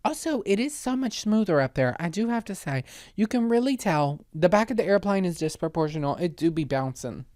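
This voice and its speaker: A woman hosting a podcast, talking in a casual comedic monologue. Her delivery is sassy and full of exaggerated rants, in a fairly low voice. The sound is dry and close, with no room echo. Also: expressive, brisk, a little mellow. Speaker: podcast host.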